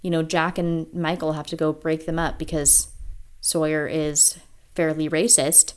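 A woman co-hosting a podcast in casual chat, talking with enthusiastic, animated energy. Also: deep voice, unhurried. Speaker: podcast co-host.

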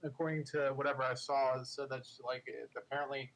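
A man's voice: medium pitch, level tone, fast, a bit bright, slight background noise, poor audio. Rambling male podcast co-host. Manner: rambling, full of filler words. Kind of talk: casual political chat.

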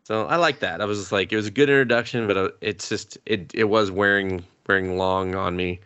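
A man's voice: lowish voice, brisk, bright, forceful tone, clear, resonant tone. A man co-hosting a casual anime review podcast, rambling, swearing and laughing between thoughts. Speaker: podcast co-host.

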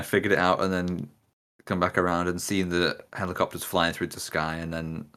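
Deep-voiced guy chatting on a podcast, laid back, laughs along. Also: little pitch movement, moderate pace, sharp tone. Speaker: podcast co-host. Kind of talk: casual chat.

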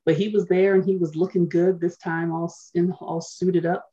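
A woman co-hosts a podcast in relaxed conversation, her low-leaning voice mellow and flat at a normal speed. She's frank and playful, often poking fun at herself, and the recording has a dull, lo-fi sound.

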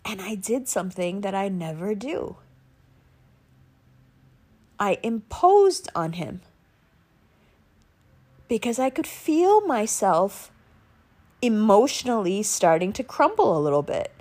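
Animated woman telling a travel story. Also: mid-range voice, slow, pauses often. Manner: animated, swearing, acts out quoted lines. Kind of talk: casual storytelling monologue.

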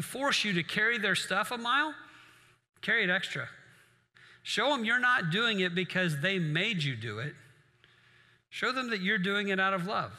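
Bright-voiced preacher man in a reverberant hall. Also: high-pitched. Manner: conversational preaching with asides to the congregation. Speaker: pastor. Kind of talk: sermon.

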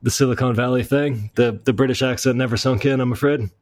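With a steady, medium-pitched, slightly mellow voice, a middle-aged Floridian author and entrepreneur speaks briskly as a guest in an interview. His tone is casual and self-deprecating, and he frequently restarts his sentences; there's no room sound.

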